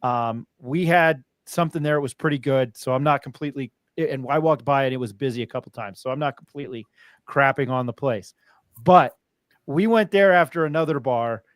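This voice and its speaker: This is a man from New Mexico hosting a podcast and chatting casually. His voice sits at a middle pitch, and the sound is dry and close. He rambles through stories full of fillers and restarts. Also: moderate pace, no echo. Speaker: podcast host. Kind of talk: casual chat.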